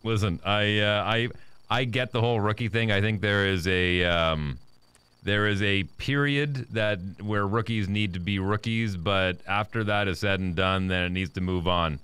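Man, Canadian accent, podcast host, teasing banter, smooth voice, dry close mic. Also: fairly low pitch, moderate pace, fairly bright tone, no echo. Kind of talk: casual podcast chat.

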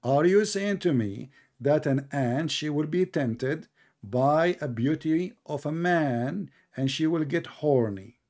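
Sarcastic guy ranting in a debate, kinda high voice, mocks everything. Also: animated, slow, a little mellow. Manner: mocking, sarcastic, talks over the other speaker. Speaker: debate host. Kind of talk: heated online debate.

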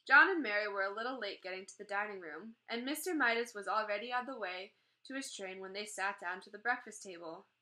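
A woman reading a children's chapter book aloud, gently voicing the characters as she goes. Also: mid-range voice, fairly quick, rough recording. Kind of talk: read-aloud storytelling.

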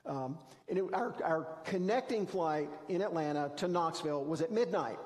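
A man's voice: a little high, animated, moderate pace, a little mellow, in a large hall. A man preaching a sermon as pastor, telling stories in a conversational, self-deprecating way. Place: church sanctuary.

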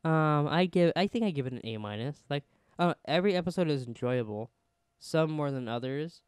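A man's voice: a little high, expressive, brisk, clean tone, no echo, clean studio sound. A man co-hosting a casual podcast, chatty and rambling, laughing often. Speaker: podcast co-host. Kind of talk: casual chat.

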